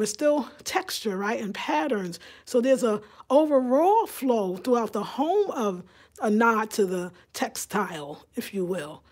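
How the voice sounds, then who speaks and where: A woman talks casually to her live-stream viewers. Her voice sits a little high. She is lively and chatty, often breaking into laughter and reading comments aloud. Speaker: home design vlogger.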